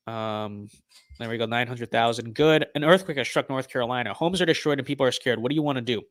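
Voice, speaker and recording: A young man casually commenting on his own gameplay, sarcastic, muttering to himself and then bursting into excited shouts. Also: medium pitch, fast talker, no room sound, clean studio sound. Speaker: streamer.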